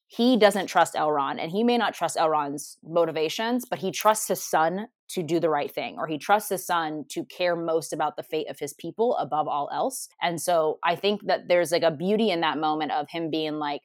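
A woman's voice: low-pitched, moderate pace, hardly any pauses, dry recording, clean studio sound. A woman co-hosting a podcast in casual chat, enthusiastic and full of "like". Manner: enthusiastic, heavy use of "like". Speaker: podcast co-host.

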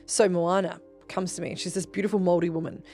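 A young woman with a somewhat low voice hosts a podcast, telling her story in a candid, casual way. She swears freely and keeps things expressive and chatty. Faint music plays behind her. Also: fast talker. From New Zealand. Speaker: podcast host.

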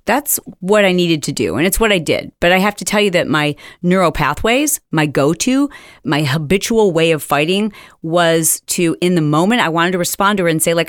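A woman hosting a casual advice talk, telling stories lively and acting out the lines of people she quotes, with plenty of "like" and "dude". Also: fairly low pitch, brisk, dry recording, clean studio sound. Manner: animated storytelling, acts out quoted dialogue; frequent "like" and "dude" fillers. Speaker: host.

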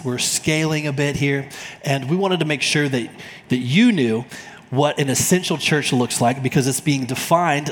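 Chatty pastor in a reverberant hall. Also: male voice, medium pitch. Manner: relaxed, chatty, with fillers and restarts. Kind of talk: friendly sermon introduction. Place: church auditorium. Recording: long church hall reverb.

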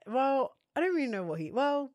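Brisk and high-pitched, this London-accented woman tells lively stories on a casual podcast, performing the characters' lines as she goes. There's no room sound.

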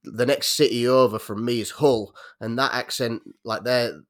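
A man with a North Yorkshire accent chats on a podcast in a mid-pitched voice. He rambles, restarting his sentences and filling them with likes and ums. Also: steady tone, moderate pace. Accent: North Yorkshire English. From North Yorkshire, England. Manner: rambling, many restarts and fillers. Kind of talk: casual podcast chat.

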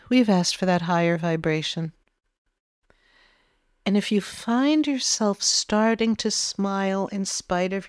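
A woman talks a listener through a guided meditation, her tone gentle and soothing. Her voice sits at an ordinary middle pitch. The sound is dry and close, with no room around it. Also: no echo. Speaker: spiritual medium.

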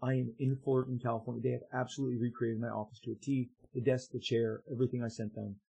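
A man, a comic book artist, telling an anecdote to his viewers in an excitable way, stumbling and repeating words as he goes. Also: medium pitch, fast talker, vocal fry, breathy edge, low-quality recording. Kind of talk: casual storytelling to viewers.

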